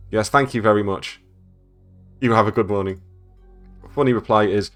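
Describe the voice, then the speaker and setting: A man's voice: fairly low pitch, lively intonation, a little slow, pauses often, fairly bright tone, soft background music. A man playing a game and reading its emails aloud, stumbling over words and adding sarcastic jokes. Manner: joking, reads text aloud with stumbles and sarcastic asides. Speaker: gaming YouTuber.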